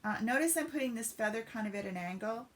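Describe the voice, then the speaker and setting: A woman's voice: on the high side, animated, fast. Chatty woman demonstrating a craft. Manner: chatty, step-by-step, greets viewers. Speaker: papercraft demonstrator. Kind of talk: live-streamed craft demo.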